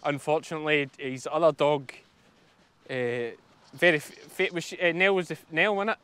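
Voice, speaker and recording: A man's voice: on the high side, moderate pace, sharp tone, smooth. A Scottish man, a sheep farmer, chatting casually and explaining as he works outdoors on his farm. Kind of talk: casual vlog narration while working.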